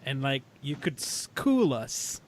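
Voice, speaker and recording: A man co-hosting a casual podcast chat, animated and laughing often while he thinks aloud. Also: mid-range voice, takes it slowly. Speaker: podcast co-host.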